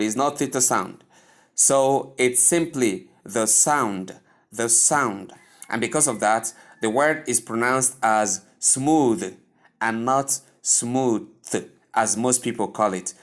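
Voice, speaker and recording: A man teaches pronunciation in a mid-pitched voice. He is insistent and says each word again and again to drive the point home. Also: fairly bright tone. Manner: insistent, repeats words many times over. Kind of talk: pronunciation lesson.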